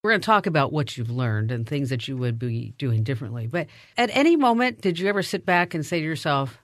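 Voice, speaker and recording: A woman hosting a podcast, telling a story in a casual, animated, self-mocking way and interviewing her guests. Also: low voice, fast talker, few pauses, no echo, clean studio sound. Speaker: podcast host.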